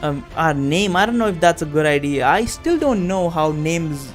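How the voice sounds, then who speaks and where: Brief: casual gamer man, fairly high voice, cursing and chuckling, soft music under him. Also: animated, normal speed. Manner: profane, laughing, casual. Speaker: gamer playing a text adventure. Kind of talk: let's play commentary and reading aloud. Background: background music.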